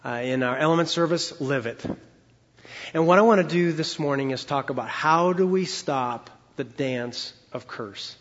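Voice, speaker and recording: A male pastor preaching a sermon, emphatic and preacherly, slowing down to stress key words. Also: a little high, big-room sound, dull audio.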